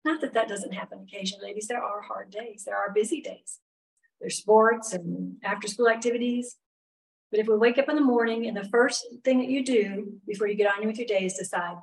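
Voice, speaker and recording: A woman's voice: medium pitch, a little fast, vocal fry. A middle-aged woman, teaching a women's Bible study in a chatty, candid way with many asides. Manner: chatty, candid, lots of "you know" asides. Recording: voice a bit far from the mic.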